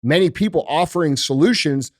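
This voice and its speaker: A man's voice: fairly high pitch, animated, brisk, dry recording, studio quality. A man hosting a casual podcast, talking bluntly and emphatically and swearing freely. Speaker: podcast host. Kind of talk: casual studio podcast chat.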